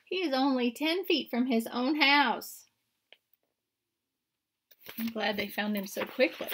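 A woman, a kindergarten teacher, reading a picture book aloud to young children, expressive and turning to a hush at the scary moments while asking her listeners questions. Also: fairly high pitch, takes it slowly, a little hiss or hum.

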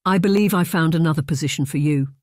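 A man's voice: fairly high pitch, fast talker, no echo, clean studio sound, close to an everyday voice. A man voicing a kindly, cheerful middle-aged noblewoman who is letting her governess go, speaking graciously in an audiobook.

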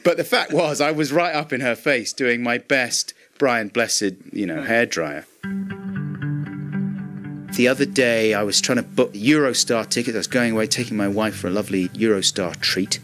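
A middle-aged man telling comic anecdotes as a radio guest, acting out his own shouting. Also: mid-range voice, normal speed, music in the background.

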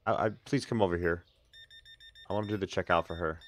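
A man's voice: low-pitched, fairly even intonation, fast, a bit bright, a little hiss or hum. A man casually commenting on his own gameplay on a live stream, chatting with viewers and making sarcastic asides.

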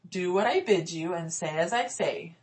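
A small, clever farmer's daughter with a brisk, self-assured way of speaking, read by a woman. Her lines lift a little above the narration, quick and decided, in a storybook telling. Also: fairly low pitch, expressive, lightly acted.

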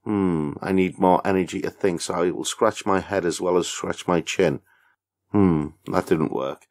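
A man's voice: low voice, moderate pace, darkish tone. A man co-hosting a casual podcast, playful and mock-dramatic. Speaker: podcast producer and co-host. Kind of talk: casual chat.

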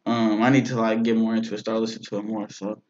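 A young man giving casual reaction commentary, relaxed and slangy, leaning on "bro" and "man" as he talks. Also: lowish voice, quick pace, heavy background noise. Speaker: reaction video host. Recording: dull lo-fi recording. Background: faint rap music playing.

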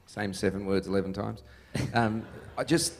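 A man, a musician being interviewed. He tells stories in an animated, joking way and laughs often. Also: fairly low pitch, normal speed, a little hiss or hum. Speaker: musician guest. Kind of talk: casual interview storytelling.

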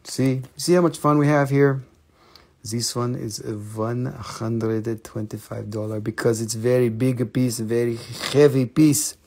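A man hosting a live crystal sales show, joking excitably in broken English. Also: mid-range voice, a little slow, vocal fry. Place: family crystal shop.

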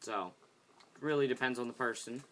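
A woman's voice: extremely low pitch, normal speed, background noise. A woman hosting a casual, rambling game tutorial, chatting and getting sidetracked as she builds. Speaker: video game tutorial host.

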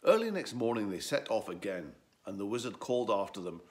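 A man with a low voice reads a children's story aloud. His delivery swoops up and down expressively, keeping the tale lively. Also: a little fast, hardly any pauses.

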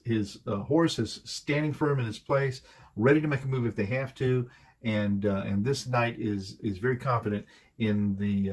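A man's voice: lowish voice, husky. A man giving a casual, rambling tarot card reading, full of hesitations and fillers as he talks through each card. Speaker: tarot reader.

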